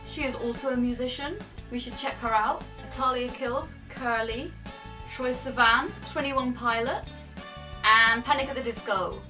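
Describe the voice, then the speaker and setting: A young woman vlogging her opinions, earnest and argumentative, explaining her points step by step. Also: on the high side. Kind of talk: opinion vlog monologue.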